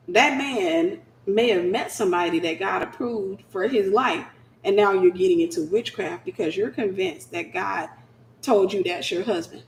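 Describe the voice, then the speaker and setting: A woman giving a lively, conversational Christian teaching, slipping into acted-out scenes. Her mid-pitched voice rings around a roomy, echoing space. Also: slight background noise. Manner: animated, conversational, acts out scenes. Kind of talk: preaching-style teaching. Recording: roomy echo.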